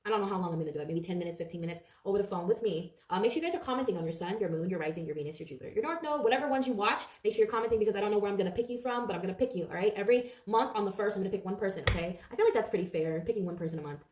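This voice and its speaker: Woman tarot reader, rapid-fire casual talk, frequent swearing, roomy echo, set back from the mic. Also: mid-range voice, recorded from a distance. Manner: fast, profane, animated and talkative. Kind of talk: casual tarot reading to camera.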